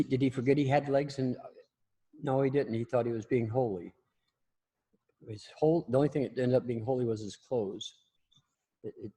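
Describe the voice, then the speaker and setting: A man's voice: mid-range voice, warm tone, slightly rough. A man teaching a class in a casual spoken style, often repeating and restarting his words, with blunt, salty humor. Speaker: instructor.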